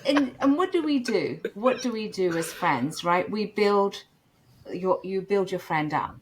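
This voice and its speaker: Animated storytelling woman, middle-aged. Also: medium pitch, a little slow, slight background noise. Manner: animated, laughing, acts out quoted voices. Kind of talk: casual storytelling.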